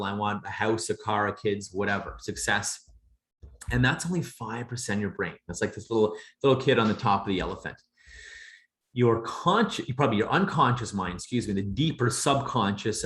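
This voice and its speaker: A man's voice: mid-range voice, reverberant. A man coaching a business masterclass, speaking earnestly and often repeating words as he tells stories. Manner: earnest, repeats himself, lively storytelling. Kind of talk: recorded masterclass talk.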